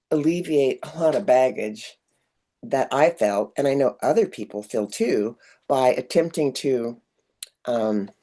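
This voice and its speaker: Rambling low-voiced woman leading a group. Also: warm tone. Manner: rambling, digressive, with many ums. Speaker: workshop leader. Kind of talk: spiritual group talk.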